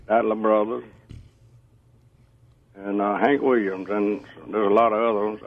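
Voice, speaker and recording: Male caller, gravelly and husky, slow and friendly, muffled phone audio. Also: fairly low pitch, little pitch movement. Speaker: radio caller. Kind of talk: phone call to a radio show.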